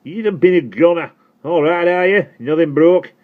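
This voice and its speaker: Gruff Dorset postman, rural and shaken, raised above the reader's low voice, put on by a male storybook narrator. Narrow, phone-like sound. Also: normal speed, natural voice. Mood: scolding. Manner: scolding, clipped rustic speech.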